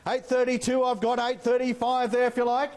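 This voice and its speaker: An Australian man working as an auctioneer, calling bids in a rapid rhythmic patter with playful banter to the bidders. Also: very high-pitched, completely flat delivery, a little mellow. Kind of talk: live property auction calling.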